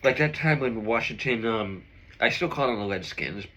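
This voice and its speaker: A man's voice: fairly low pitch, animated, normal speed, sharp tone, slight background noise, rough recording. A man vlogging in casual chat with his viewers, rambling and opinionated with lots of fillers while he eats a meal.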